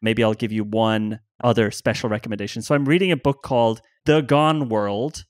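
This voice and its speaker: A man's voice: lowish voice, fairly even intonation, moderate pace, no room sound, studio quality. A man with an Irish accent co-hosting a casual podcast chat, eagerly giving book and podcast recommendations. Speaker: podcast co-host.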